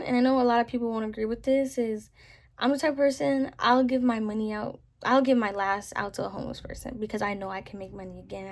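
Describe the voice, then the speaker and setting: A woman's voice: fairly high pitch, darkish tone. A young Southern woman ranting casually to camera, rambling with lots of "like" and "you know what I'm saying.".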